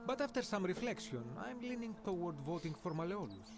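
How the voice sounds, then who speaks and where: A man's voice: sits high, big pitch swings, a little fast, noisy background. A man voicing a formal, philosophical Greek townsman in an ancient Roman city, in a video game. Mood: polite. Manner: stately, formal, quotes old sages. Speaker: game character.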